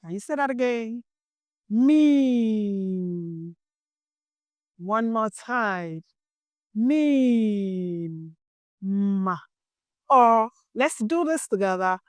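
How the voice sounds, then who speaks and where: A woman gently teaching young children their letters, speaking very slowly and drawing out each sound. Her voice is smooth and clear, recorded close and dry with no room sound. She praises the listener often and keeps an encouraging, patient manner. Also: mid-range voice, lively intonation, no room sound. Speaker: children's Arabic alphabet teacher.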